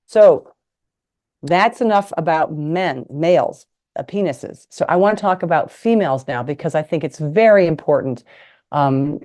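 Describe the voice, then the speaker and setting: A woman's voice: low voice, warm tone. A middle-aged woman, a retired nurse and sex ed teacher, giving a frank, playful talk with props over a video call. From United States. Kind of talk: live online presentation with props. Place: indoors at a table.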